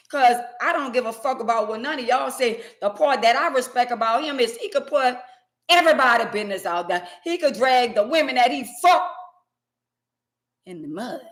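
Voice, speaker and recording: A woman's voice: on the high side, animated, normal speed, a bit bright, reverberant. A woman ranting in casual commentary, emphatic and profane, hammering her points by repeating them. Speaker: vlogger.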